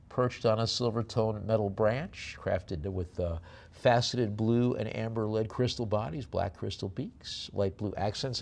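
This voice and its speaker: A man's voice: medium pitch, creaky. Chatty man calling a live auction. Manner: rapid bid chanting between chatty, joking descriptions.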